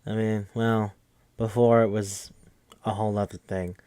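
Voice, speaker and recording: A young man, a podcast host, casually recapping a movie in a rambling way and acting out the lines with big jumps in pitch. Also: little pitch movement, moderate pace, dark tone, smooth, dry recording, studio quality. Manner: rambling, acts out quotes with shifting pitch.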